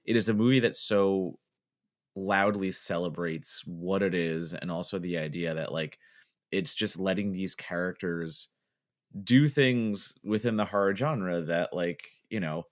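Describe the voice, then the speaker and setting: A man's voice: sits low, unhurried. A man co-hosting a podcast, talking in a rambling, casual way with lots of fillers. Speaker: podcast host.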